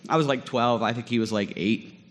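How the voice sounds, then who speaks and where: A man in his forties telling a lively story in a sermon, acting out scenes with many fillers. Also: mid-range voice, a little fast, in a large hall. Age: 40s. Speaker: guest chapel speaker.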